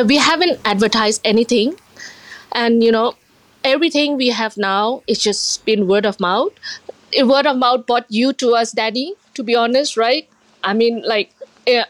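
Higher-voiced woman restaurant owner, halting. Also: dry recording. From India. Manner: emotional, warm, halting with many fillers. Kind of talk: interview.

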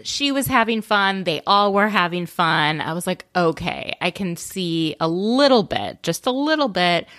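A woman's voice: on the low side, expressive, moderate pace, hardly any pauses, fairly bright tone, no echo, clean studio sound. A woman co-hosting a podcast in casual chat, talking in a thoughtful, meandering way and often restarting her sentences. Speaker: podcast co-host.

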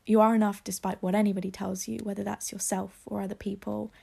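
With a phone propped on her laptop desk, a young woman records a heartfelt solo podcast full of tearful, emotional encouragement. Her medium-pitched voice barely rises or falls, moving quickly with vocal fry, a dark tone and a breathy edge.

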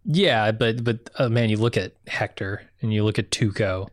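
A man co-hosting a podcast in casual chat, animated and excitable, swearing now and then. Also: lowish voice, normal speed, dry recording, studio quality. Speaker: podcast co-host.

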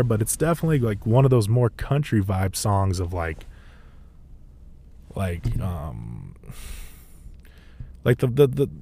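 A man's voice: lowish voice, dark tone. A young man hosting a podcast, rambling in casual talk, packing his speech with "like" and swearing freely. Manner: rambling, full of "like", laughs often and swears freely. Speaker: podcast host.

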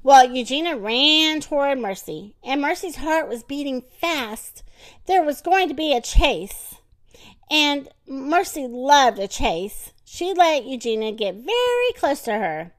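A woman reads a children's storybook aloud in a fairly high voice, taking her time over every line. Her pitch rises and falls with lively expression. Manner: expressive, deliberate. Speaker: narrator.

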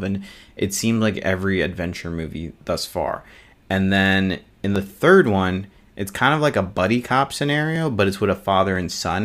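A man with a very low voice chats casually on a movie podcast. He rambles along with plenty of fillers, recorded in a small studio. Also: fairly bright tone. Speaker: podcast co-host. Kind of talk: casual chat.

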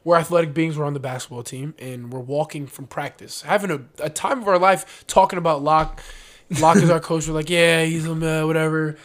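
Brief: man, 20s, podcast co-host, slangy, animated storyteller, slightly higher pitch. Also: a little fast. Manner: animated, slangy, acts out quotes. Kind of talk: casual chat, storytelling.

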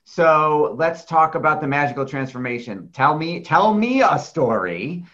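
A man's voice: on the high side, animated, a little slow, fairly bright tone. A man hosting an interview, asking questions in a friendly, affirming way. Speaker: interview host. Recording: dull lo-fi sound.

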